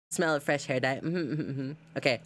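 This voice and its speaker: A young adult woman streamer in casual live-stream chat, reading her chat aloud and gushing over clips she shows. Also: very deep voice.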